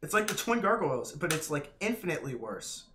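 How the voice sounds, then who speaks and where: A man's voice: a little high, very animated, a little fast, noisy background. A man streaming a hard game live, swearing and laughing, his voice cracking. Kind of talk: live gameplay commentary.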